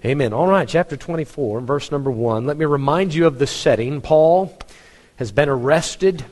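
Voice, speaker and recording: Brief: male pastor, casual storytelling sermon, mid-pitched, long church reverb. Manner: conversational preaching with dry humor.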